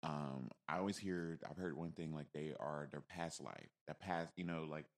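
Guy with a super deep voice, kinda rambly, lots of likes and you knows. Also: normal speed. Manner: rambling, hesitant, lots of fillers. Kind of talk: casual chat.

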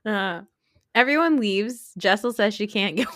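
A woman's voice: medium pitch, expressive, a little slow, fairly bright tone, no room sound, studio quality. A woman in her forties co-hosting a podcast, chatting casually and laughing a lot with a cackling laugh. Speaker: podcast co-host. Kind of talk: casual chat recapping a reality show.

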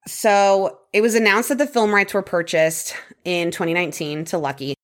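Woman, low-pitched, casual podcast storyteller, chatty with fillers, laughs easily. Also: steady tone, normal speed, fairly bright tone. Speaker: podcast co-host telling a true crime story. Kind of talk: casual chat reading prepared notes.

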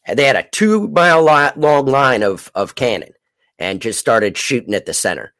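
A man's voice: mid-range voice, animated, a bit bright. Male podcast host, casual history rundown, midrange voice, loose delivery. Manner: rambling, halting with fillers.

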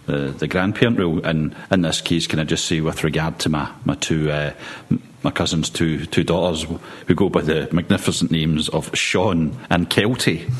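A man talking football in a measured, rambling way, full of hesitations. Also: very deep voice, fairly even intonation, breathy edge. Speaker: podcast guest pundit. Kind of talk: casual football chat.

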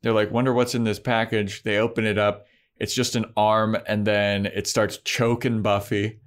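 Male podcast co-host, somewhat low pitch, easygoing chatty recap with playful impressions. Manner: animated retelling, quick voices for characters. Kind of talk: casual chat recapping a TV episode.

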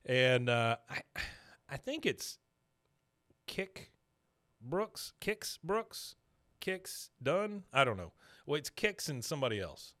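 Man recapping a cartoon, lively, bouncy pitch, breaks into character voices and laughs. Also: slow, long pauses. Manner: lively storytelling, acting out lines with big pitch jumps and laughing. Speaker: podcast co-host recapping a cartoon episode. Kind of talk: casual chat.

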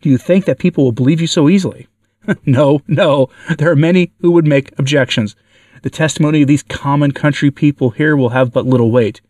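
A man's voice: a little high, fairly quick, darkish tone, no echo, close to an everyday voice. A man voicing a tormented male demon who shrieks and laughs defiantly, reading it for an audio story. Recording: dry, from far off the mic.

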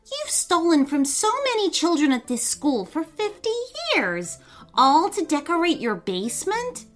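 Woman playing a bold schoolgirl, firm, insistent, lively high voice. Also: unhurried.

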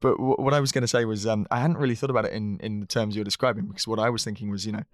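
A man from England co-hosting a podcast, thinking out loud and often repeating words as he begins a point. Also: on the low side, fairly even intonation, rapid-fire, no echo, studio quality. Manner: reflective, repeats words when starting a thought. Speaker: podcast co-host. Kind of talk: casual discussion.

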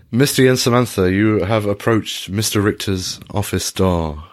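A man's voice: lowish voice, moderate pace, hardly any pauses, no echo, clean studio sound. A man narrating a tabletop game as game master, in a wry, wordy storytelling manner.

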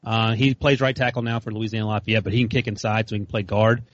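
A man giving quick, matter-of-fact analysis in a casual sports chat. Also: on the low side, little pitch movement, dull audio.

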